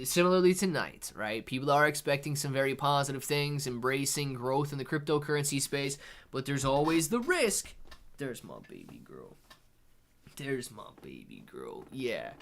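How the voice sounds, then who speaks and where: A man hosting a casual live stream from home, reading out chat messages and answering them as he goes. He rambles loosely and peppers his speech with "dude" and "man." His voice stays fairly quiet and laid-back. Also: medium pitch. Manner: casual, says "dude" and "man" a lot, thinks aloud with restarts; talks softer to keep quiet near children. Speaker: livestream host reading chat.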